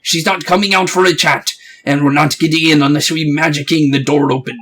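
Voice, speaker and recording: A man's voice: fairly high pitch, steady tone, fairly quick, fairly bright tone. A man voicing a chatty, cheeky male fairy companion, full of blunt, folksy slang, in a game playthrough. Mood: wry.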